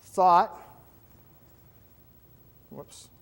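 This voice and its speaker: A man giving a classroom lecture on hypnotherapy, talking conversationally and checking in with his students with questions. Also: drawn-out words.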